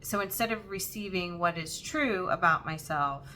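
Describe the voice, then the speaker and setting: A young woman hosting a stitching vlog, talking in an earnest, halting and emotional way. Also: on the low side, sharp tone, slight background noise. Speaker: Flosstube host. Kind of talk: heartfelt personal vlog talk.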